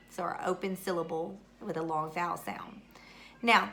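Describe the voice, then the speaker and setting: A woman teacher talks to young children through a recorded video lesson, her voice bright and clear. She paces herself patiently, posing questions and then confirming the answers as if the class had replied. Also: medium pitch. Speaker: third grade teacher.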